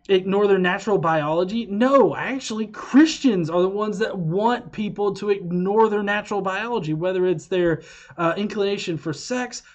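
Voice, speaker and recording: Rambling, profane male livestream host. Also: high-pitched. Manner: rambling, profane, frequent fillers and restarts. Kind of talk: casual livestream chat.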